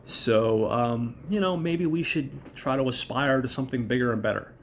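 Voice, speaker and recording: A man's voice: mid-range voice, moderate pace, slight background noise, close to an everyday voice. A man voicing a scheming, foul-mouthed young woman robber who talks bluntly and crudely.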